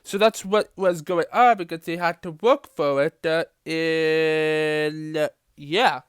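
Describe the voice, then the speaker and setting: A man's voice: on the high side, steady tone, slow, clear, resonant tone, dry recording, clean studio sound. A man reviewing a TV episode, recapping the plot in a rambling way with many fillers and restarts.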